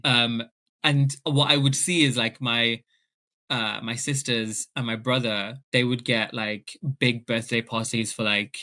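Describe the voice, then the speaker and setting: A man's voice: mid-range voice, unhurried. A young man, an author telling a story in a casual chat and acting out his family's voices. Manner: animated, acts out family members in quoted voices. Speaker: author guest.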